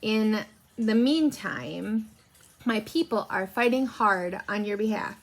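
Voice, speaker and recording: A woman voicing a slow, scheming mole adviser. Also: mid-range voice. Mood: soothing. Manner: slow, soothing, condescending.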